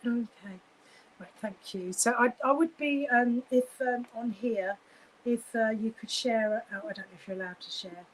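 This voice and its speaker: A woman's voice: a little high, normal speed, poor audio. A woman giving live psychic readings, gushing and effusive, with many fillers and restarts.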